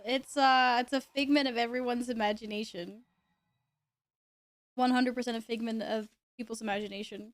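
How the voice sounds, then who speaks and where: A woman streams a game and chats with her audience in a loose, teasing way, laughing often. Her voice sits high. The sound is dry and close, with no room around it. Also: fairly even intonation, normal speed, dry recording. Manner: chatty, greets viewers and jokes with them. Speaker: live streamer. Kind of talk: casual live-stream chat while gaming.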